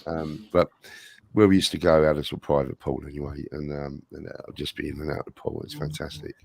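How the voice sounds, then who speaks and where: A man's voice: rumbling low, little pitch movement, fast, vocal fry, dry recording. A man chatting casually about holidays, hesitant and full of fillers. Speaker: podcast co-host. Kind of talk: casual chat.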